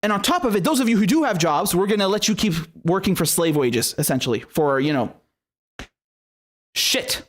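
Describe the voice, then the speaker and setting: A man delivers political commentary in an angry, mocking rant, swearing freely as he goes. His voice sits fairly high for a man. He talks like a host speaking straight to his viewers. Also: lively intonation, moderate pace. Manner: angry, sarcastic, profane, mocking.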